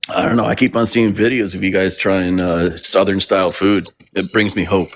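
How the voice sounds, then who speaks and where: This man's voice sits a little low. He talks casually, joking and swearing freely as a caller in a live debate. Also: fairly even intonation, normal speed, no room sound, clean studio sound.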